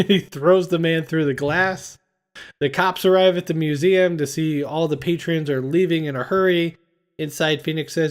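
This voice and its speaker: A man's voice: a little high, steady tone, normal speed. A man hosting a casual movie-review podcast, recapping scenes and acting out lines. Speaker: podcast host.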